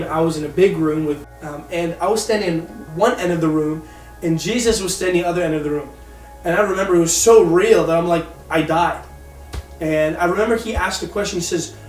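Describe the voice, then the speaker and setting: A man's voice: fairly high pitch, distant mic. A young man in his twenties, a missionary telling his personal testimony and appealing for support in an earnest, heartfelt way. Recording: roomy echo, voice away from the mic, faint music. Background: faint music.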